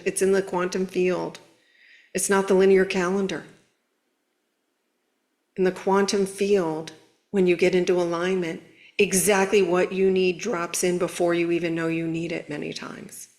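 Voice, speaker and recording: A woman hosting a spiritual guidance video, talking in an earnest, conversational, animated way. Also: on the low side, a little slow. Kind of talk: casual spiritual coaching talk.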